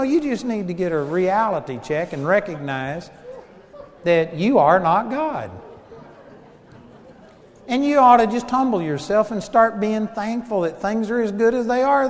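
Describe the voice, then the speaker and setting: A man with a Texan accent preaching a sermon as pastor, telling stories and swinging between loud emphasis and soft asides. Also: high-pitched. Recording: long hall reverb.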